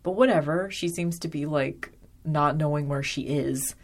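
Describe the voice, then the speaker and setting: Woman, low voice, casual recap host, rambling and wry, lots of filler words. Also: normal speed. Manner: chatty, frequent ums and likes, wry asides. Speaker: episode reviewer.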